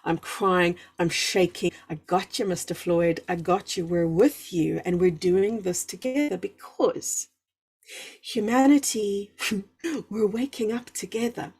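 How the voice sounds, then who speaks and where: A woman's voice: mid-range voice, a little slow, mellow, breathy edge. A woman hosting a live spiritual talk, effusive and encouraging, drawing out emphatic words and answering viewers' comments. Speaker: spiritual livestream host.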